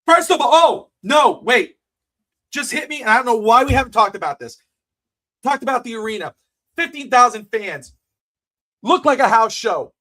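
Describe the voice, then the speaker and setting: A man with a high voice talking casually as a podcast co-host. He is blunt and a little profane, and he swings between low mutters and near-shouting when he gets worked up. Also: animated, moderate pace, long pauses.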